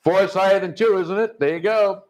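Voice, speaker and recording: A man's voice: sits high, a little fast, a little mellow, poor audio. An older man chatting casually as a guest while watching wrestling, confident and prone to repeating himself. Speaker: guest commentator.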